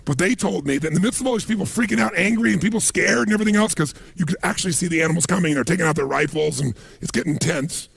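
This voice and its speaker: A man giving a motivational seminar talk, telling stories in an animated, emphatic way. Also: sits high, racing, gravelly, few pauses, background noise. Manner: animated storytelling with emphatic asides. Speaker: motivational speaker.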